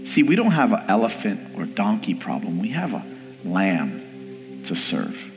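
A man preaching a sermon, telling a family story with lively delivery and acting out the people in it. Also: lowish voice, brisk. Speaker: pastor. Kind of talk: sermon with personal stories. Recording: long hall reverb with faint music.

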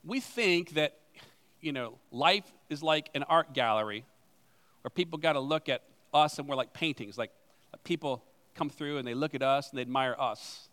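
A male pastor with a notably high voice preaches a sermon in a church sanctuary. He talks conversationally, tossing out rhetorical questions and poking fun at himself. His words ring out with a long reverb. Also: moderate pace, fairly bright tone. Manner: conversational, with rhetorical questions and self-deprecating asides.

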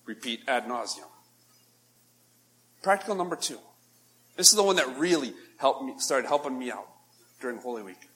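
A man preaching a practical sermon, animated and emphatic, swinging from loud bursts to soft, low asides. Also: moderate pace, long pauses.

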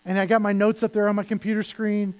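A male pastor preaching a sermon, animated, with lines that fall to a hush. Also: high-pitched, fast, clear, resonant tone, rough recording. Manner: animated preaching that drops to soft, hushed lines.

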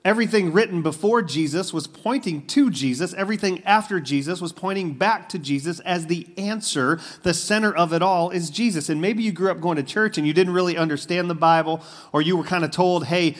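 Male pastor, fairly high-pitched voice, relaxed chatty sermon delivery, church setting. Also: fairly quick. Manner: casual, conversational preaching with fillers and asides.

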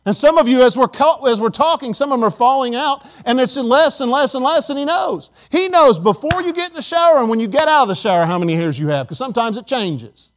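High-voiced man preaching a sermon. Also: lively intonation, quick pace, few pauses. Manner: emphatic preaching with audience call-and-response. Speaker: pastor.

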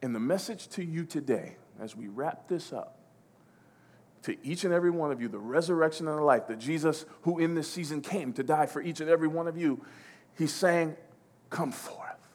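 Male preacher, sermon, raised pitch, emphatic, repeats phrases, loud to hushed. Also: a little fast.

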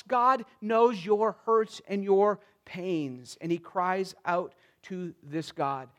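A man preaching an expository sermon in an earnest, pleading way, moving between soft stretches and emphatic ones. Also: high-pitched, slow pace, hardly any pauses. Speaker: pastor.

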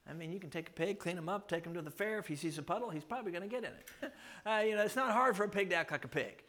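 Bright, lively preacher man. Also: high-pitched, racing. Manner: animated, storytelling with frequent chuckles and rhetorical questions. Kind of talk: sermon.

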